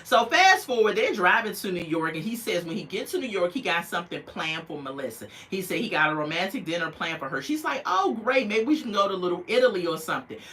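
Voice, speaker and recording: A woman's voice: lowish voice, lively intonation, fast talker, few pauses, fairly bright tone. A woman casually recapping a reality show, telling the story with sass and slipping into mocking voices for the people she quotes.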